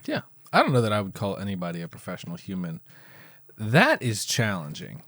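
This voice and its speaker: A man's voice: fairly low pitch, huge pitch swings, fairly quick, fairly bright tone, no room sound, studio quality. A man co-hosting a casual movie podcast, playful and hesitant, with many fillers. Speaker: podcast co-host.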